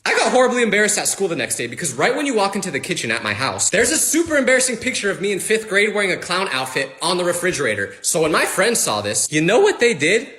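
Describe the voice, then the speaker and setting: A young man telling a comic story from his school days with animated, punchline-driven delivery. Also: high voice. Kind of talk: storytime comedy monologue.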